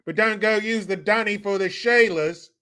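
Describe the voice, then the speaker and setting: A man voicing a loud, cheeky Australian bloke in a put-on Australian accent, jokey and exaggerated. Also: high voice, moderate pace, smooth, pitched above the performer's own voice.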